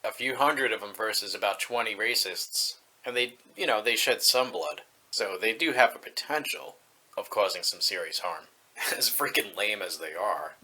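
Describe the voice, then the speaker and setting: A man's voice: lowish voice, moderate pace, pushed and bright, rough recording. A man narrating political commentary in a sarcastic, mocking way.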